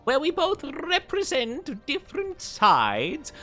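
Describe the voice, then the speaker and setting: A man voicing a pompous, high-class villain clown who talks in stretched-out, overly fancy speech, pitched well above his own voice. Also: wildly swooping pitch, slow pace, sharp tone, faint music behind, heavily acted. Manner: over-elaborate posh speech, drawn out.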